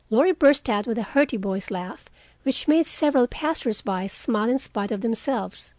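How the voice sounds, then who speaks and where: A woman narrating a classic novel aloud in a steady, measured reading. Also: fairly high pitch, dry recording. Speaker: audiobook reader. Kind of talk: audiobook narration.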